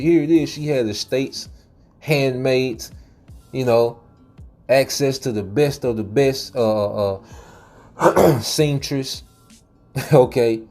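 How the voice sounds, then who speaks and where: Preachy man with a dark mellow voice. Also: medium pitch. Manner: preachy, repeats "man" and "okay"; frequent laughs and fillers. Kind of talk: casual monologue.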